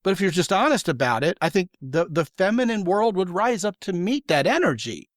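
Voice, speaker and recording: A man's voice: high voice, sing-song, a little fast, no room sound. Emphatic male podcast host, dry close sound. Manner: emphatic, opinionated, acts out quoted voices. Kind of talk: casual podcast conversation.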